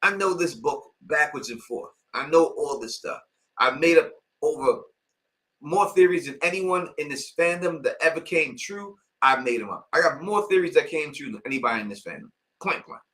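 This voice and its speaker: On a low-quality recording, a man's fairly bright, higher-leaning voice moves at a normal pace with lively intonation. He's a YouTube host from Queens with a New York accent, fielding a casual live-stream Q&A. He presses his points insistently and keeps saying "you know what I mean."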